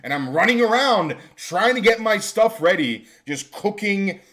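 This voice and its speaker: In a storytime vlog monologue about a job, a man with a high voice and lively intonation speaks a little slowly. He is exasperated and builds up to shouting rants.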